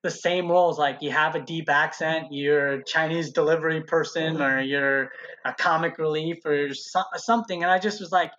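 A man's voice: on the high side, moderate pace. A man guest in a casual interview, telling his story and acting out what others said. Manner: animated, quotes people in changed voices. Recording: dull lo-fi sound.

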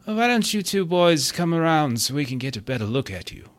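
A man's voice: fairly high pitch, big pitch swings, a little fast, pitched above the performer's own voice. A man putting on a drawling, grand rich host. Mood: delighted.

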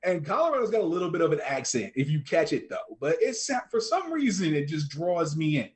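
A man's voice: on the high side, big pitch swings, brisk. A young man chatting casually as a podcast guest, joking and loose, with plenty of fillers. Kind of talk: casual chat.

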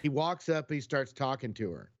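A man co-hosting a podcast in casual chat, excitable and quick to jump in with his own stories. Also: mid-range voice, highs cut off. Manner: excitable, jumps in to retell stories. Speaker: podcast co-host.

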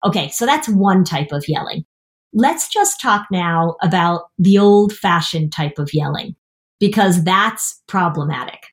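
A woman's voice: lowish voice, measured pace. Brief: woman in her fifties, therapist host, plain explanatory podcast talk. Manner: explanatory, acts out parents and kids in lively voices. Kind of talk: casual podcast chat.

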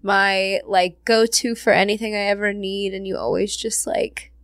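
A woman's voice: mid-range voice, fairly even intonation, normal speed, no echo, studio quality. A woman hosting a casual podcast chat, emotional and often laughing, swearing casually. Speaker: podcast host.

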